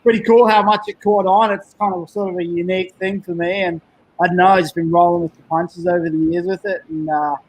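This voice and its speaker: A man's voice: high-pitched, steady tone, a little fast, low-quality recording. A man with an Australian accent chatting casually as a podcast guest, laid-back and upbeat, with surfer slang. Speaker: podcast guest, backcountry snowmobiler. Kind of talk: casual chat.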